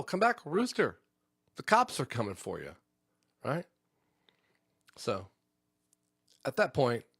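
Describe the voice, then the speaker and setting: A man hosting a live comedy stream, talking casually in a voice of middling pitch. He rambles through a story with a lot of swearing and sudden bursts of energy. The sound is close and dry. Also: dry recording. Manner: rambling, profane, animated storytelling. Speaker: podcast host.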